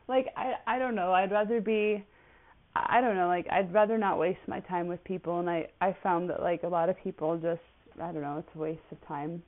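A woman's voice: mid-range voice, fairly even intonation, normal speed, long pauses. A woman in her twenties, a podcast host, chatting casually and rambling with lots of fillers. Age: 20s. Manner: rambling, chatty, with many fillers and frequent laughs. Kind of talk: casual solo podcast chat. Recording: tinny phone-like audio.

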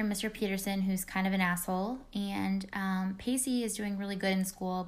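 A woman in her thirties casually recapping a TV episode, rambling with many fillers. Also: mid-range voice. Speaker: recap vlogger.

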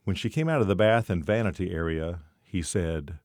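A man narrating a short story in a measured storytelling manner. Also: low-pitched, a little mellow, no echo, studio quality.

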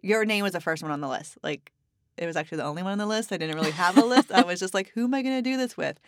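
A woman's voice: fairly low pitch, racing, a bit bright, no room sound. A woman hosting a casual podcast, chatty and playful, joking and laughing easily with her co-host.

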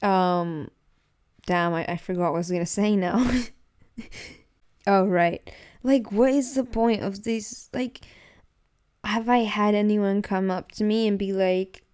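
Young woman, podcast host, mellow voice, casual rambling rant full of "like" and "dude". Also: medium pitch, unhurried, pauses often, smooth. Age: young adult. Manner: rambling, animated, laughs often, frequent "like" and "dude".

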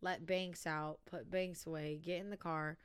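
A woman's voice: on the low side, level tone, unhurried, smooth, no room sound. A tired young woman co-hosting a podcast, telling a long rambling story in casual chat with lots of "like"s. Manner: rambling, run-on storytelling with many "like"s. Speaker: podcast co-host.

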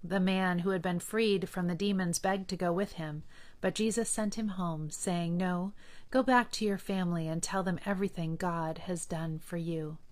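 A woman reading Bible passages aloud in a measured, earnest manner. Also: on the low side, fairly even intonation. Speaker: scripture reader.

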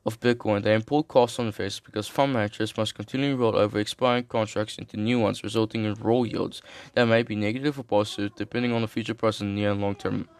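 A man's voice: fairly low pitch, fairly even intonation, fast, few pauses, clean tone, no echo. A young man reads a finance article aloud, breaking off for slangy jokes and stumbling over terms. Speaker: streamer reading an article. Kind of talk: casual reading with commentary.

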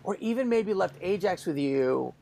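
Animated man telling a family story. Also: sits high, moderate pace, gravelly. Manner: animated, acts out shouting kids. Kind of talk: casual storytelling chat.

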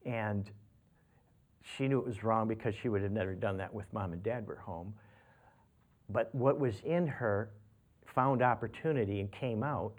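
A man's voice: lowish voice, normal speed, pauses often. An older man preaching a sermon, telling a personal family story in a folksy, rambling way full of restarts and fillers, sometimes acting out what people said. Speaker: pastor.

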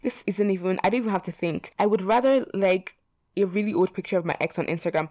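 A woman's voice: fairly low pitch, darkish tone, dry recording. A young adult woman chatting casually to her viewers, rambling and frank, with plenty of fillers and dramatic asides. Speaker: vlogger. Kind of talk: casual would-you-rather chat.

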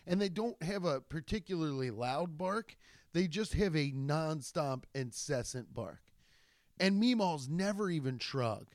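Young male podcast host, slightly high voice, rambling cursing storyteller, dry booth. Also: measured pace, no echo. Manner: rambling, profane, animated storytelling with jumpy energy. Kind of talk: casual solo podcast monologue.

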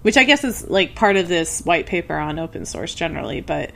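A woman's voice: lowish voice, animated, fairly quick, vocal fry, pushed and bright. A woman co-hosting a podcast in casual late-night chat, chatty and full of fillers, laughing often. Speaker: podcast co-host.

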